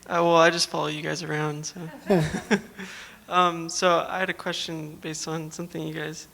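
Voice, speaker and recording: Man, audience question, hesitant, flat tone, hall echo. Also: a little high, moderate pace, gravelly. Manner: hesitant, with many fillers. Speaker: audience member asking a question. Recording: long hall reverb.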